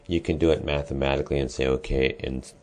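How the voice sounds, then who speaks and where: A man's voice: very deep voice, fairly even intonation, fast talker, darkish tone. A man, a music teacher, explaining an assignment in a casual, step-by-step way with frequent ums and restarts. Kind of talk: screen-recorded lesson walkthrough.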